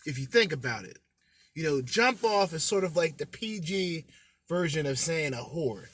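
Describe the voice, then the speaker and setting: A man's voice: on the high side, expressive, moderate pace, fairly bright tone, a little hiss or hum. A man hosting a podcast in a casual, brash commentary style, swearing and bantering with his listeners. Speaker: podcast host.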